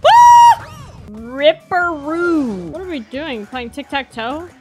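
A woman giving excitable let's play commentary, joking at the game and letting out loud shrieks as she plays. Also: extremely high pitch, a little slow. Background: game music.

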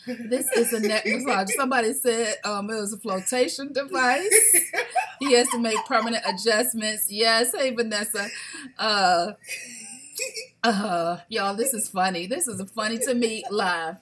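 A woman, hosting a casual live shopping stream, sassy and animated, talking straight to her viewers. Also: on the high side, normal speed. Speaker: livestream shopping host.

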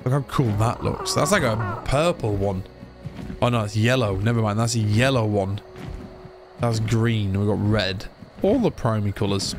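A young man chatting excitedly as he commentates his own game playthrough. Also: lowish voice, measured pace. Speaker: gaming YouTuber. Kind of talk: let's play commentary. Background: game music.

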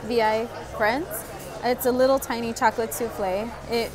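A woman's voice: a little high, steady tone, moderate pace, crowd noise, rough recording. A woman vlogging with her daughter, chatting casually and giggling often. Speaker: vlogger and mother. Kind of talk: casual vlog chat. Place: restaurant, then a mall coffee shop.

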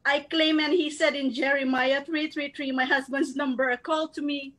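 Woman from the Philippines, high voice, earnest testimonial speech, emotional, holding back tears. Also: steady tone, normal speed, hardly any pauses, fairly bright tone, poor audio. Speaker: marketing director giving a recognition speech.

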